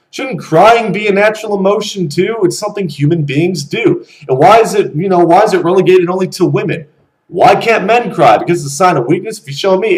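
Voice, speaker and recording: Animated young man ranting. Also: a little high, poor audio. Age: young adult. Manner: animated and blunt, swears freely. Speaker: vlogger. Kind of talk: casual rant to camera.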